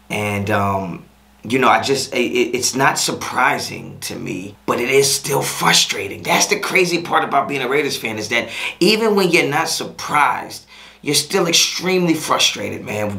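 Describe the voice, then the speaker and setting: A man's voice: mid-range voice, bright, forceful tone. A man hosting his own sports fan channel, ranting in a casual reaction vlog, frustrated and repetitive with lots of slang.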